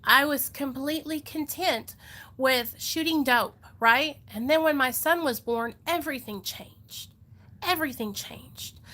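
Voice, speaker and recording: Young woman, recovery vlogger, earnest and chatty, fairly high and bright voice. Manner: earnest, emotional, chatty with "y'all" and "like". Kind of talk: casual heartfelt talk to viewers.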